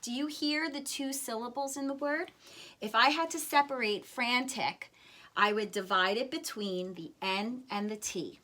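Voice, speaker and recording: A woman teaching first graders to spell, with a bright, clear voice pitched a little high. She speaks slowly and deliberately, sounding words out one syllable at a time. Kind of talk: recorded spelling lesson.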